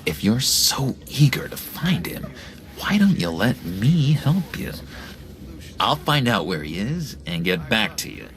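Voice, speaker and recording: An actor playing an unstable, clingy former asylum inmate who swings between whispery pleading and sudden threats, in a video game. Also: male voice, lowish voice, very animated, unhurried. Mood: evasive.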